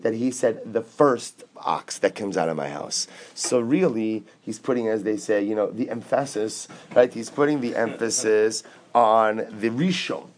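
A man's voice: on the low side, a little slow. Man teaching a Talmud class. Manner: explains step by step with rhetorical questions; mixes English with Aramaic and Hebrew quotes.

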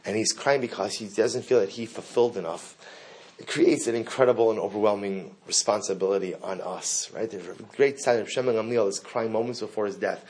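A middle-aged man teaching a Torah class, leading listeners through a text, asking rhetorical questions and repeating key phrases for emphasis. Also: fairly low pitch. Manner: emphatic, rises sharply when reading Hebrew and Aramaic aloud.

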